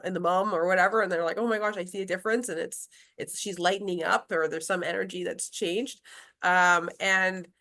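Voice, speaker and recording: A woman guest on a wellness interview, talking loosely and at length. She circles back on herself, restarts sentences and laughs between thoughts. Her voice sits at an ordinary middle pitch. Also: fairly bright tone. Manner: chatty, rambling with many restarts and laughs. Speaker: grief specialist guest. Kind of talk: casual interview chat.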